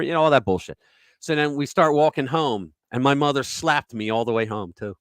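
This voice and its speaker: A man's voice: mid-range voice, a little fast, fairly bright tone, dry recording. A middle-aged man hosting a casual talk show, rambling through stories and acting out the people in them. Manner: rambling storyteller, acts out quotes. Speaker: podcast host.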